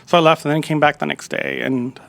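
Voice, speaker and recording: Podcastgast: ontspannen man met een rasperige, krakende stem, vertelt uitgebreid. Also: fairly high pitch, steady tone, a little fast, fairly bright tone. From Calexico and Mexicali area. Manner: rambling, laid-back, full of fillers and quoted dialogue. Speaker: executive chef, podcast guest. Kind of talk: casual storytelling interview.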